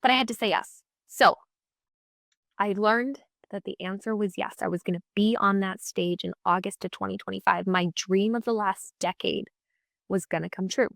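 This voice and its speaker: A woman's voice: mid-range voice, steady tone, normal speed, gravelly, a bit bright, no room sound, clean studio sound. A woman in her twenties hosting a podcast, telling a personal story in a chatty, upbeat way and acting out the dialogue she quotes. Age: 20s. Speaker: podcast host. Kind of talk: casual solo storytelling.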